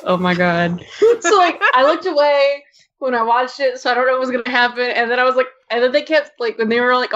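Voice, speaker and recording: High-ish voiced woman gushing on a podcast, says like a lot, dull lo-fi sound. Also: fairly bright tone. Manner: gushing, fast, full of "like". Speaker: podcast co-host. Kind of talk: casual chat.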